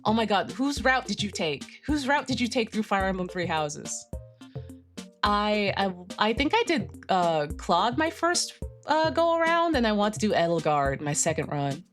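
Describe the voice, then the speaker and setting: A young woman streamer chatting casually with viewers, animated and slangy, swinging between excitement and deadpan. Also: mid-range voice, normal speed. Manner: slangy, lots of fillers. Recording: faint music behind the voice.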